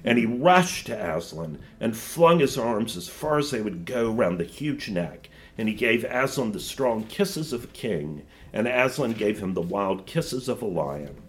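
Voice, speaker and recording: A man's voice: fairly low pitch, expressive, a little slow, few pauses. A man reading a story aloud to a class and then explaining it with thoughtful asides. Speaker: teacher.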